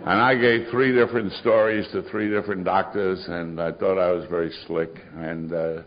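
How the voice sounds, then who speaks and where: A man's voice: deep voice, fairly even intonation, moderate pace, slight background noise. An older man telling his recovery story to a meeting in a wry, sardonic way with dry humor. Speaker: AA speaker. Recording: muffled recording of a live talk.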